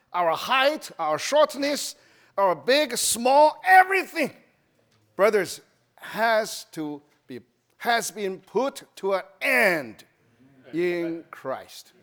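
Man with chinese accent, high voice, lively swings, slow testimony sermon. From China. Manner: animated, repetitive, with broken English and restarts. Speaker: church speaker.

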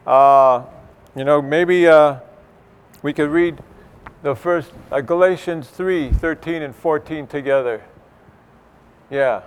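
Middle-aged male church speaker, clear resonant tone, slightly high, chatty, rambling delivery. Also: takes it slowly, long pauses. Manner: conversational, many fillers and restarts. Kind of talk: informal church teaching.

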